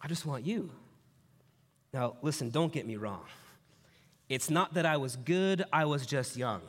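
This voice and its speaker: A man's voice: mid-range voice, animated, normal speed, fairly bright tone, long reverb tail. A man preaching a sermon in a conversational way, telling personal stories and asking the congregation rhetorical questions. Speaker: pastor.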